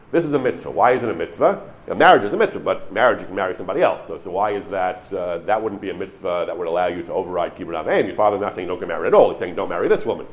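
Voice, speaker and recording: A man teaching a Torah class, explaining legal sources earnestly and with enthusiasm, often restarting and repeating words as he thinks. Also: on the low side. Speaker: Torah lecturer. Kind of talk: online Torah class lecture.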